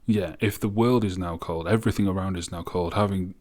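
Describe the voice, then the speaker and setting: Deep-voiced man breaking down lyrics. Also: steady tone, fairly quick, a little mellow. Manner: reflective, reads lyrics aloud and picks them apart. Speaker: music reviewer host. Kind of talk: casual song commentary.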